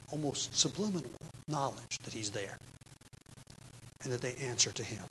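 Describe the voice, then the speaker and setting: A man preaching an expository sermon, stressing key words loudly and then dropping to quiet asides. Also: medium pitch, a little hiss or hum, low-quality recording. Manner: emphatic, swings between loud stresses and quiet asides; repeats key words for emphasis.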